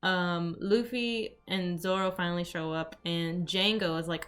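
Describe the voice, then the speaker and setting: A woman with a bright, forceful voice in casual podcast chat. She laughs often and slips into quick impressions of characters while she retells scenes. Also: lowish voice, steady tone, clear, resonant tone. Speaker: podcast co-host. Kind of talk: casual chat recapping an anime.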